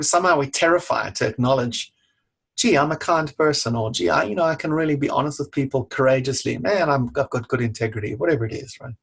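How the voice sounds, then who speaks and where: A man's voice: mid-range voice, husky. A middle-aged man, a leadership coach, talking bluntly and emphatically in an interview, swearing casually. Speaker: leadership coach and author, podcast guest.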